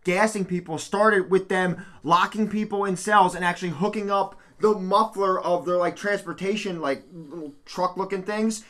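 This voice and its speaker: A man's voice: high-pitched, fairly even intonation, moderate pace, hardly any pauses, a bit bright. A man in casual podcast banter, talking profanely and telling a story.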